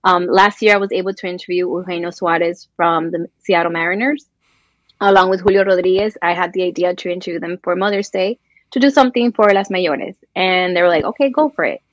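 A woman's voice: on the low side, brisk, no echo, highs cut off. A woman from Colombia, a guest sports journalist, chatting in an interview and acting out the voices in her stories. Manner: animated storyteller, acts out quoted voices. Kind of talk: casual interview chat.

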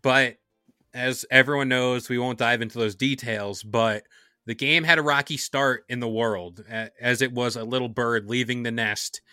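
A man hosts a laid-back gaming podcast in an upbeat, playful way. His voice is very bright and smooth, recorded close and dry with no room sound. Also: mid-range voice, steady tone, no echo. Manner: upbeat, playful, quick asides. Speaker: podcast host. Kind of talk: casual gaming podcast chat.

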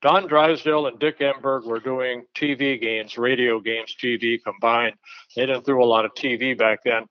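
A man, a former pitcher, telling blunt, folksy anecdotes in a casual chat, with an occasional chuckle. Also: steady tone, moderate pace, no room sound. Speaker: retired pitcher, guest storyteller. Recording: dull, lo-fi dry sound.

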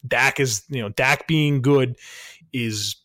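A man's voice: mid-range voice, takes it slowly, fairly bright tone, no echo, clean studio sound. A man co-hosting a sports podcast, chatting casually about football in an upbeat, teasing way. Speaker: podcast co-host.

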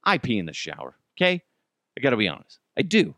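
A man's voice: medium pitch, huge pitch swings, fast talker, a bit bright, no echo, clean studio sound. A man hosting a podcast, ranting casually and profanely about the news and laughing at his own jokes. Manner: ranting, swears a lot, laughs. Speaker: podcast host.

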